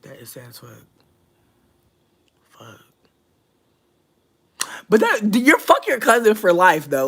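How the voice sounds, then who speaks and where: Chatty, profane young streamer. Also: breathy edge. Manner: chatty, profane storytelling with sudden loud high outbursts. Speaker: livestreamer reading chat. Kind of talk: casual livestream chat.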